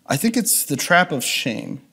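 A man's voice: fairly high pitch, sing-song, a little slow, gravelly, pushed and bright, slightly rough. A man reflectively sharing a personal testimony as an interview guest, with frequent restarts. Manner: earnest, reflective, many restarts.

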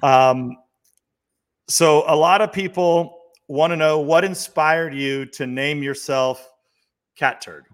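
A man's voice: on the high side, slow pace. Upbeat male talk-show host. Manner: upbeat, teasing, steers the questions. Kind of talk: hosting a political talk show.

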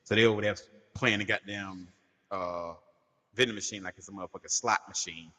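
A man co-hosting a podcast, telling animated, profane stories and laughing often in casual chat. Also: lowish voice, a little fast, long reverb tail. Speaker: podcast co-host.

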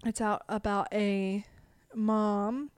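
A young woman chats in a relaxed way as a podcast co-host, describing a film in an easygoing tone. Her voice sits at a middle pitch and is recorded close and dry. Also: drawn-out words, smooth, no room sound. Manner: relaxed, frequent backchannel "mm-hmm" and short agreeing replies. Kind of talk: casual chat.

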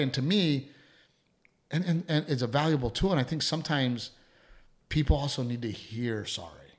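A middle-aged man co-hosting a casual talk show. He talks in an animated way, jumps into little voices for what others said, and swears freely. His pitch sits in the middle for a man. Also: moderate pace, pauses often. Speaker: podcast co-host. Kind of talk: casual chat.

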